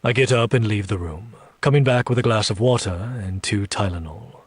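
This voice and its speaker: Husky low-voiced man narrating a story. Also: no echo. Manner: slow, deliberate, low reading with menacing asides. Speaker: story reader. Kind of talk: first-person audiobook narration.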